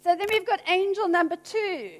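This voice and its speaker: A woman's voice: very high voice, moderate pace. A woman preaching a sermon, emphatic and teasing with playful asides. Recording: long hall reverb.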